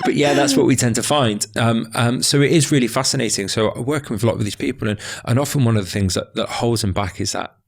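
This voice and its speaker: Man, young adult, therapist on a podcast, rapid speech, frequent restarts, gravelly texture. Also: lowish voice. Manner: fast, thoughtful, many restarts and "like" fillers. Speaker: psychotherapist guest. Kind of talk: conversational podcast interview.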